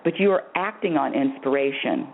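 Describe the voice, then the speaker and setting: A woman hosting a call-in spiritual advice radio show, effusive and animated, often laughing and repeating her phrases. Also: a bass voice, moderate pace, slight background noise. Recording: tinny phone-line radio audio.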